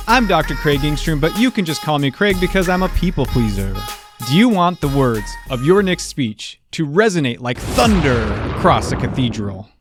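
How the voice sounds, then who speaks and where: A man's voice: fairly high pitch, very animated, moderate pace, music in the background. A man hosting a scripted public speaking lesson in a playful, jokey manner. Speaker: host and public speaking teacher.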